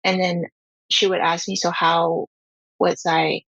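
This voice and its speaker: A woman's voice: on the low side, little pitch movement, takes it slowly, gravelly, a bit bright, no echo, muffled recording. A woman who is a parent, talking candidly and earnestly about her home life in an interview, acting out what her children say. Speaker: parent guest.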